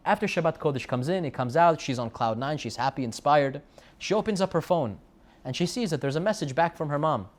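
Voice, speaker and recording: A man's voice: fairly high pitch, expressive, fairly quick. Man preaching a storytelling sermon. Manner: storytelling with repeated phrases and Hebrew terms. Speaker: rabbi giving a Torah talk. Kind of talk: sermon to students.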